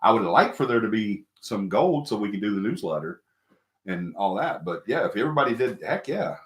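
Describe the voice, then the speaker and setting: Deep-voiced man chatting on a live stream. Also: very animated, fairly quick. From American South. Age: middle-aged or older. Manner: rambling, repeats himself, emphatic. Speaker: host of a paranormal live stream. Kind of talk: casual live-stream chat with viewers. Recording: echoey room.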